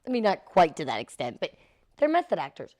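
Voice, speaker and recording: A middle-aged actress being interviewed, animatedly telling stories and acting out the quotes. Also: female voice, fairly low pitch, fairly quick. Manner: animated, acts out quotes with laughs. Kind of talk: anecdotal interview storytelling.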